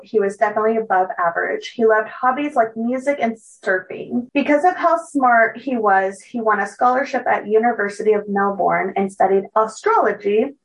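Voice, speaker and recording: A woman co-hosting a podcast, telling a true story casually from her notes, with many fillers and quick self-corrections. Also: fairly high pitch, recorded from a distance, rough recording.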